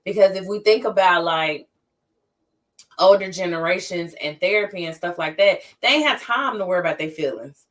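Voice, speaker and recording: Low-voiced woman podcast co-host. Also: normal speed, a bit bright. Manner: explanatory, acts out quoted people. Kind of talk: casual podcast conversation.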